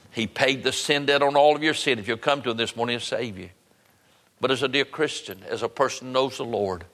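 A man's voice: mid-range voice, a bit bright, long reverb tail. A man preaching a sermon and leading an altar call, earnest and pleading, repeating his phrases for emphasis. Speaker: pastor.

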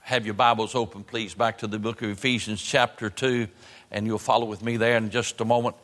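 A man's voice: lowish voice, level tone, a bit bright. A preaching man in an echoey church. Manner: rising, emphatic preaching cadence with drawn-out phrases. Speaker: pastor. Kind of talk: sermon. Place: church sanctuary. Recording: church hall reverb.

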